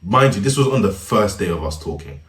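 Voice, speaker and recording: A man's voice: low voice, expressive, a little fast, a bit bright, roomy sound. A young man telling a story in a slangy, incredulous way, constantly calling the listener "bro". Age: young adult. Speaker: storytime narrator. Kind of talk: casual storytelling commentary.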